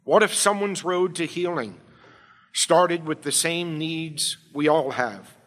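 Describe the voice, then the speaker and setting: Pastor guy preaching, bright forceful voice, big echoey church sound. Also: on the high side, slow. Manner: emphatic preaching, swings from quiet to loud. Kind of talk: sermon. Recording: long hall reverb.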